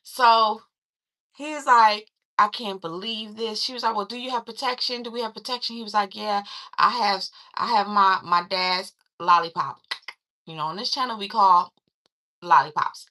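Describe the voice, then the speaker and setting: A woman chatting through a casual movie recap, acting out quoted lines in a lively, conversational way. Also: medium pitch, normal speed. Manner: chatty, animated retelling with quoted voices. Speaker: film reviewer.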